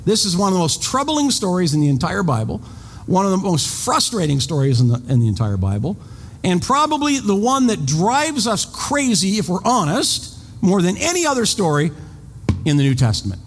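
A man's voice: high voice, sing-song, normal speed, breathy edge. A man preaching a sermon, telling a story with rhetorical questions and acting out his own outrage. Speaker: pastor. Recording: long hall reverb.

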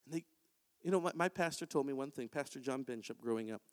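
A man preaching a sermon in a church, in an animated, conversational way. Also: medium pitch, fast. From Canada. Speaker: pastor. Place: church sanctuary. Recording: long hall reverb.

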